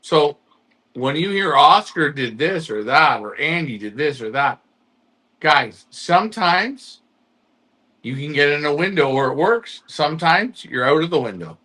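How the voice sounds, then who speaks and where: A man co-hosting a pigeon club show, calmly explaining delays to members, with rhetorical questions and a reassuring tone. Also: on the high side, unhurried. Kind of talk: casual live-stream chat to club members.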